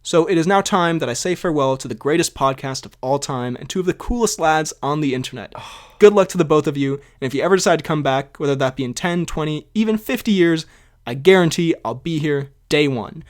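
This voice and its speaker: A man's voice: fairly high pitch, expressive, fairly quick. Laughing young man reading comments. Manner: laughs often, reads comments aloud with jokey asides. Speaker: podcast co-host. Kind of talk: casual chat, reading out listener comments.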